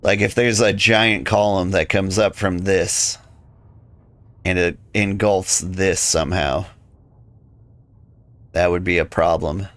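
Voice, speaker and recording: Low-voiced man streaming, rambling casually. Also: takes it slowly, pauses often, no room sound. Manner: rambling, relaxed, many "like" fillers. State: losing his voice, tired. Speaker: game streamer. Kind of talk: casual live-stream chat while playing.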